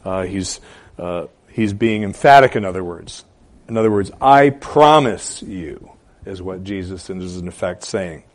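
A man preaching a sermon as pastor, with emphatic stresses, quiet asides and hesitant fillers between phrases. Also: low-pitched, moderate pace.

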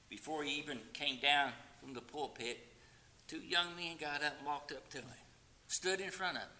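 A man preaching a sermon with passion, swinging from loud pleading to quiet, hushed lines and sometimes singing hymn verses. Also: mid-range voice.

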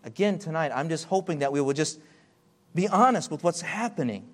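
A man delivering a sermon in a slightly high voice. He moves between hushed, drawn-out phrases and loud, emphatic build-ups, stretching key words for weight. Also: animated. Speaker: preacher.

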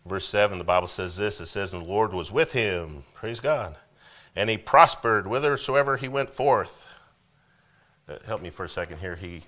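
A man's voice: deep voice, a bit bright. A man, preaching a sermon as pastor in a conversational way, asking the congregation questions and rising into emphatic bursts.

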